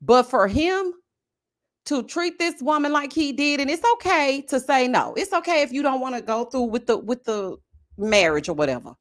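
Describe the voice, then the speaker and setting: A woman with a fairly high voice hosts a casual live chat about reality TV. She is animated and sassy. Her pitch leaps around a lot as she talks straight to her viewers. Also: normal speed. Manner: animated, sassy, addresses viewers as y'all and honey.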